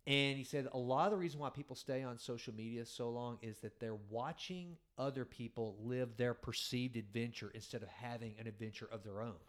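A man in his forties hosts a relaxed interview podcast at a middle pitch. He rambles enthusiastically, often starting over mid-thought. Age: 40s. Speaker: podcast host. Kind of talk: casual interview.

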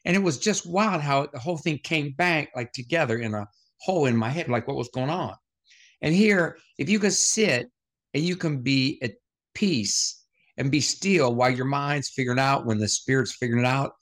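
A man's voice: mid-range voice, moderate pace, a bit bright. Punchy storytelling man, rhetorical questions. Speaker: motivational speaker. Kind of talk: podcast guest storytelling.

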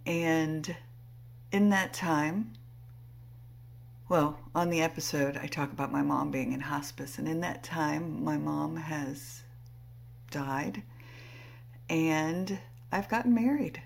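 A woman podcast host speaking casually and reflectively, with many pauses and fillers. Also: fairly low pitch, fairly even intonation, vocal fry. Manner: unhurried, reflective, warm laughter between phrases. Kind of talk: casual spoken intro.

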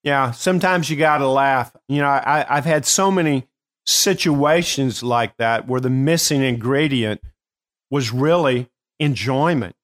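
An older man hosting a show as a coach, telling stories in a casual, animated way with bursts of laughter. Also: mid-range voice, unhurried. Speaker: host and performance coach. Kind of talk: casual storytelling.

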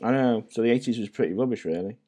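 A man's voice: medium pitch, fast talker, warm tone. A man in his forties from North Wales, with a North Welsh accent that has a Scouse-like twang, chatting over a video call as a podcast guest and telling self-deprecating stories. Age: 40s. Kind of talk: casual chat.

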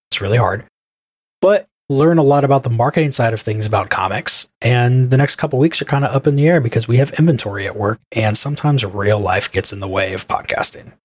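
Husky low-voiced male podcast co-host. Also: no room sound. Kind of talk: casual podcast chat.

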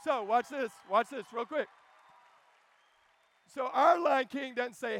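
A man in his thirties preaching a joking, animated sermon that calls out to the crowd. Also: very high voice, takes it slowly, gravelly, pauses often. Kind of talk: energetic camp sermon.

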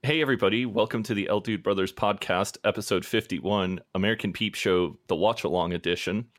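Low-voiced man hosting a casual podcast. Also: a little fast. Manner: rambling, laughs often. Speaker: podcast host. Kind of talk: casual chat.

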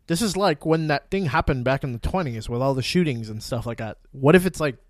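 A man hosting a casual podcast chat about TV shows, excited and swearing freely, laughing often. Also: medium pitch, a little fast, dry recording, clean studio sound. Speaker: podcast host.

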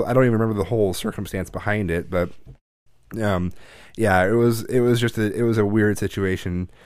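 Casual male storyteller, low-pitched, chatty, restarts a lot, dry room. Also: no room sound. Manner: rambling storytelling with frequent swearing and restarts; gets loud and animated when quoting his dad. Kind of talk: casual chat.

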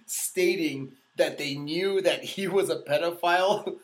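A man's voice: a little high, slow pace. A man in his thirties hosting a casual podcast, rambling with lots of fillers and frequent laughter. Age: 30s. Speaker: podcast host.

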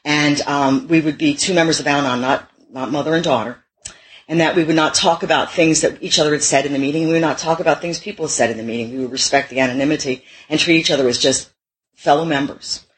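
A woman's voice: deep voice, steady tone, fast talker, low-quality recording. A middle-aged woman giving a personal testimony at a recovery meeting, candid and self-mocking, with frequent laughs.

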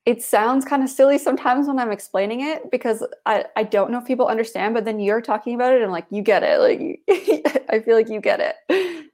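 A woman's voice: a little high, a little fast, few pauses, darkish tone. A woman guest speaking earnestly and reflectively in a casual chat.

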